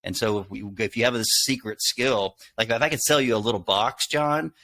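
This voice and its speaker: A middle-aged man from Texas, a guest on an interview show, telling stories in a lively way and acting out quotes. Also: medium pitch, fairly quick. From Texas, USA. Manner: animated storyteller, acts out quotes. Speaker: guest, handwriting expert. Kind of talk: casual interview talk.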